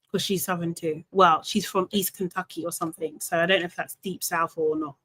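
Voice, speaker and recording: A woman's voice: on the low side, fairly even intonation, moderate pace, few pauses, pushed and bright, dry recording, low-quality recording. A woman hosting a casual chat, talking in a rambling way that often trails off mid-sentence. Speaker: podcast host.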